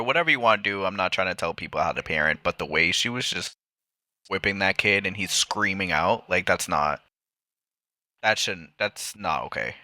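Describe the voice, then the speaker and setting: Very deep-voiced man, bright and dry. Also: no room sound. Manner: relaxed, rambling, acts out his family in quotes. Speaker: podcast co-host. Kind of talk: casual chat.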